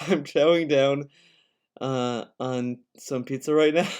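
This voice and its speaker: A man's voice: high voice, clean tone. A man from Greece, a streamer giving sarcastic, profane reaction commentary, often laughing.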